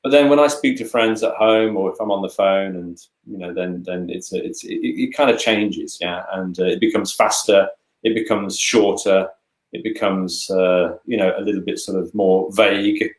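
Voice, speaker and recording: A man's voice: low voice, moderate pace. A man co-hosting an online webinar in casual chat, stumbling over words and padding with fillers. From Britain. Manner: stammers, repeats words, many fillers. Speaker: co-host, English teacher. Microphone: video call. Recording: roomy echo.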